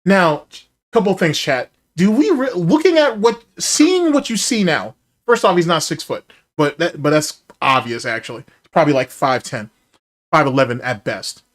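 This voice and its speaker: A man hosts a casual livestream and ribs the clips he plays. His pitch swings widely as he teases and scoffs. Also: sing-song, normal speed. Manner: mocking, sarcastic, reacting to clips. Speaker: podcast host.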